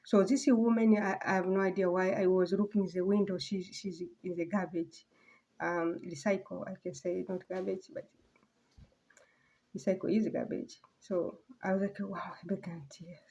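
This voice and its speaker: Brief: woman vlogger, mellow soft voice, halting and rambling, slips to near whispers. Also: mid-range voice, level tone, gravelly, muffled recording. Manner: halting, rambling, many fillers and restarts. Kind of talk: casual personal vlog monologue.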